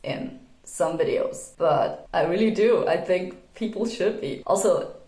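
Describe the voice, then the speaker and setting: A woman's voice: on the low side, animated, measured pace, mellow. A young woman talks straight to the camera in a roomy, echoing space. Her English is not her first language. She is blunt and opinionated, swears freely, and slips into mocking put-on voices when she quotes other people. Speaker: video essayist. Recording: echoey room.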